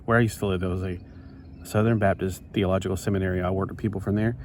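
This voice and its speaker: Low-voiced rambling man. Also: fast. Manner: rambling, chatty, self-interrupting. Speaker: toy builder vlogger. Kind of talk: casual chat while building. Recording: steady background noise.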